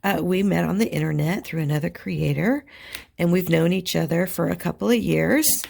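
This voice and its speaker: A woman's voice: fairly low pitch, moderate pace, vocal fry, a little mellow. A woman hosting her crafting channel, chatting casually while she works on a canvas. She sounds congested from a cold and talks in a rambling, chatty way. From Virginia.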